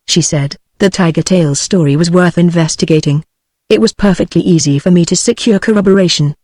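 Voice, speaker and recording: A text-to-speech woman's voice with a British English accent, reading a novel aloud in an even, steady way. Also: fairly low pitch, dry recording. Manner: even, steady synthetic reading with no change between characters. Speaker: narrator. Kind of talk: text-to-speech audiobook narration.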